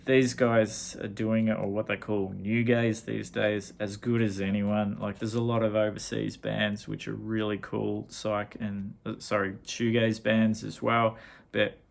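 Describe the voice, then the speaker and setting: A man's voice: on the low side, little pitch movement, unhurried, vocal fry. A middle-aged Australian man giving a casual, rambling record review with slang, often correcting himself. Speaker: vinyl collector reviewing records.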